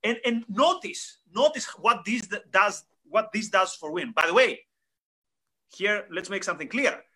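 A man with a high, bright and forceful voice co-hosts a relaxed philosophical talk show. He presses his points with emphasis. He stacks repeated words as he gathers his thoughts. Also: normal speed. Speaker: co-host. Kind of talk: casual philosophical discussion.

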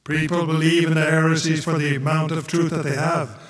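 Priest guy preaching real slow, kinda high voice, far off mic in a big echoey church. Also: level tone. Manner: slow, measured preaching with chanted gospel reading. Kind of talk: homily.

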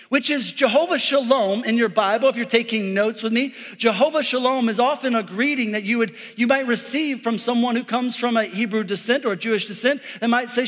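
Male pastor, 40s, very high voice, casual joking sermon in a big reverberant hall. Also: brisk, hardly any pauses, fairly bright tone. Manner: joking, conversational preaching with frequent "all right?". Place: church sanctuary.

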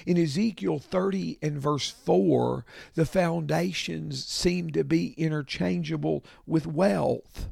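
A man preaching a sermon, expounding scripture slowly and deliberately, with emphatic repetition. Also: high voice, creaky, darkish tone, breathy edge, no room sound, clean studio sound.

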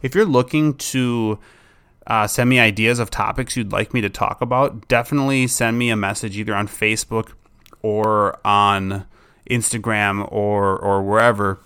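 A young adult man who hosts a podcast and trains dogs, talking casually and rambling a bit, sometimes acting out an excited dog. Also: lowish voice, normal speed, clean tone. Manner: rambling, relaxed, acts out excited dog voices. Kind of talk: casual solo podcast talk.

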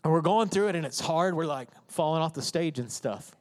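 Male pastor, high voice, emphatic conversational sermon delivery, acts out inner voices, big hall reverb. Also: animated, a little fast. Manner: emphatic preaching, acting out inner voices and prayers.

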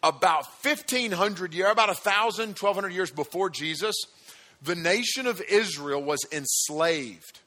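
High, bright-voiced energetic male preacher. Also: a little slow. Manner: energetic, emphatic, talks directly to the audience. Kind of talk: sermon.

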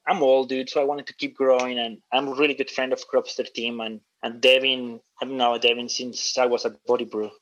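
A man's voice: medium pitch, flat delivery, brisk, few pauses, a bit bright, dull audio. Laid-back man telling stories. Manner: loose, storytelling, says dude and man a lot. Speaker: guest, coffee roaster. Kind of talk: casual interview chat.

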